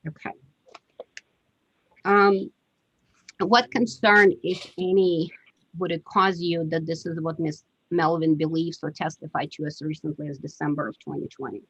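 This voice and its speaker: Woman attorney, remote hearing, lowish voice, hesitant fillers, dry lo-fi call audio. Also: fairly even intonation, fairly bright tone, a little hiss or hum. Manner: measured, hesitant with frequent fillers. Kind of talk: courtroom questioning over video call. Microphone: video call.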